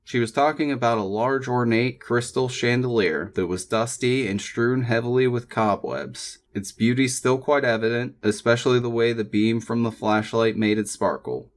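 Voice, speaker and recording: A man reading a novel aloud as a calm, measured audiobook narrator. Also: medium pitch. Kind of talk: scripted narration.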